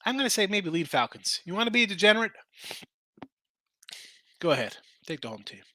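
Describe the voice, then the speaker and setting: A man's voice: sits high, sing-song, fairly quick, bright, forceful tone, no echo. A man hosting a live sports betting show, tired and losing his voice, chatting casually about point spreads and answering viewers in the chat.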